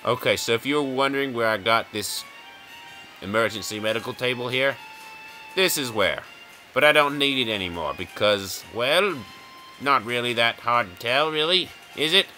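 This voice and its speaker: A man rambles through a casual let's-play, joking with himself and chuckling as he goes. His voice is very bright and tense, sitting at a middling pitch. Soft game music plays faintly underneath. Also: lively intonation, moderate pace. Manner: rambling, jokey, chuckles often. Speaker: gaming video host.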